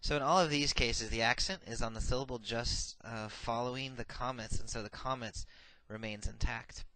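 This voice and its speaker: A man teaching a recorded grammar lesson, reciting verb paradigms slowly and methodically with frequent filler sounds. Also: medium pitch, sharp tone, no room sound, low-quality recording. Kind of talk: recorded lecture.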